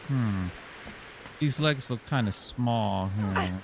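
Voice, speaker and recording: A man's voice: fairly low pitch, takes it slowly, background noise. A man casually chatting and exclaiming while he plays on a live stream. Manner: rambling, exclaiming, chuckling. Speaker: gaming streamer. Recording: game music playing underneath. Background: game music.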